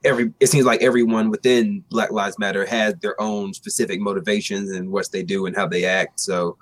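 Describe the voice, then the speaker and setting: A man guesting on a livestream, speaking in a measured way with many fillers. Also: fairly low pitch, little pitch movement, dry recording. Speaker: guest YouTuber. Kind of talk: casual livestream discussion.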